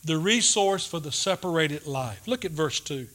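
Bright, high-pitched preacher. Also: male voice, lively intonation, normal speed. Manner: dynamic, swings from loud emphasis to hushed asides. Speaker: pastor. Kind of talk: sermon.

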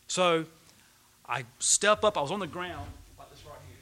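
A middle-aged man delivers a sermon in a bright, slightly high voice. He tells a personal story at an easy pace, then rises to emphatic peaks on the key lines. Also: animated, moderate pace. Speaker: preacher.

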